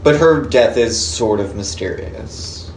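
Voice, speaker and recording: A man's voice: lowish voice, slow pace, darkish tone. A man co-hosting a podcast in casual chat, joking, laughing often and quoting films. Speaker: podcast co-host. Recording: roomy echo, faint background noise.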